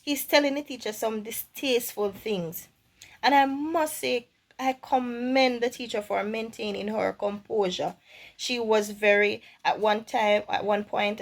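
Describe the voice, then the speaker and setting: Earnest woman vlogger giving commentary. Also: medium pitch. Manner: earnest, measured, moralizing, with small restarts. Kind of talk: casual commentary to camera.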